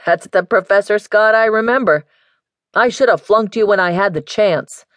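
A woman's voice: on the low side, measured pace, no room sound, close to an everyday voice. A woman voicing a big, easygoing male professor who teases dryly. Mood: wry. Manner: wry, teasing.

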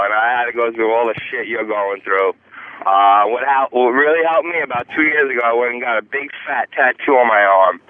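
Man calling in over a tinny phone line. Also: mid-range voice. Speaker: caller. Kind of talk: casual phone call.

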